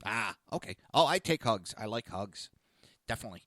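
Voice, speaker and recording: A man hosting a talk podcast, delivering a blunt, crude monologue that swings between loud ranting and low, muttered asides. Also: lively intonation, fairly quick, dry recording, studio quality. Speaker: podcast host. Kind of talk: opinionated talk show monologue.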